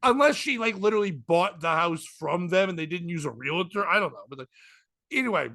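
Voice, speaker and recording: A man's voice: sits high, animated, fairly quick, gravelly, pushed and bright, no room sound, studio quality. A man, a stand-up comic hosting a podcast, rambling through a story with profanity and acted-out quotes. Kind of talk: casual storytelling chat.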